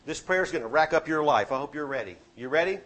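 Middle-aged preacher, man, higher voice, punchy sermon delivery with booming and hushed swings. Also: lively intonation, quick pace. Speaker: pastor.

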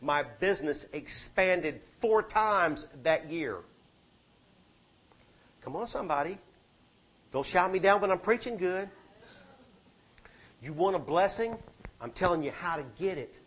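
A middle-aged man preaching a sermon with emphatic delivery that swings between booming and hushed. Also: animated, measured pace. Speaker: pastor.

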